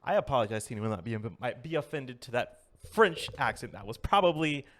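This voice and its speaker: A man's voice: medium pitch, expressive. A man, co-hosting a casual podcast chat and often laughing. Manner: laughs a lot, reads aloud haltingly. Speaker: podcast co-host.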